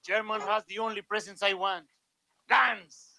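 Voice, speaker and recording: A grandiose bandit chief who wants nothing but guns, high and gravelly in a comedy film. The voice is sharp and piercing, full of self-importance. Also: male voice, fairly even intonation, measured pace, slight background noise, full character voice. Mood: boastful. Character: boastful male bandit chief, greedy for guns. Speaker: film villain.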